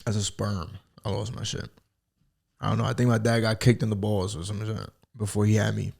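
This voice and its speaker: A man's voice: on the low side, little pitch movement, fairly quick, vocal fry, darkish tone. An American man hosting a solo podcast from home, talking alone into a microphone in a rambling, profane, joking way. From United States. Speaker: podcast host. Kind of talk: casual solo podcast monologue.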